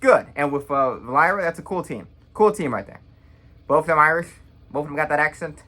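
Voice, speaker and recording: A man's voice: a little high, pushed and bright. Blunt, rambling young man recapping matches. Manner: blunt, rambling, quick to judge. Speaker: wrestling reaction vlogger. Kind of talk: casual opinionated recap.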